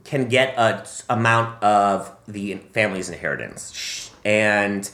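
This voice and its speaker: A man's voice: fairly low pitch, a little slow, pushed and bright, reverberant. A man co-hosting a casual film review chat, chatty and laughing often, with many ums. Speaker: podcast co-host.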